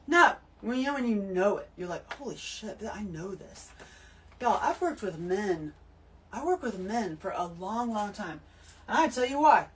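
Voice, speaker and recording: A woman giving an emphatic, animated spiritual talk to her listeners, full of swearing. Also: medium pitch, normal speed, distant mic, poor audio. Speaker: host. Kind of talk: spiritual monologue to camera.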